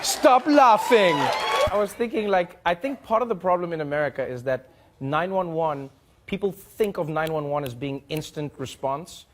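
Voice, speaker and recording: A man's voice: a little high, expressive, normal speed, slight background noise. A man from South Africa hosting a comedy talk show, chatting with the audience and slipping into silly put-on voices. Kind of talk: improvised comedic crowd work. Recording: studio audience laughter behind voice. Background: crowd laughter and ambience.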